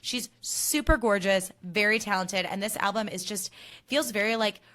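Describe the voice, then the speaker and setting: A young adult woman hosting a casual solo podcast, animated and profane, ranting in quick emphatic bursts. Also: medium pitch. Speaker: podcast host.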